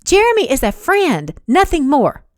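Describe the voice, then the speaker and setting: A woman voicing an indignant young woman who shouts in a high, shrill voice during a storybook romance reading. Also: wildly swooping pitch, normal speed, no echo, clean studio sound.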